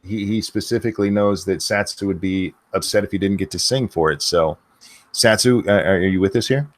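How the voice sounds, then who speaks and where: A man's voice: deep voice, a little fast. A man hosting a casual podcast chat, rambling through the news and swearing often. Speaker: podcast host.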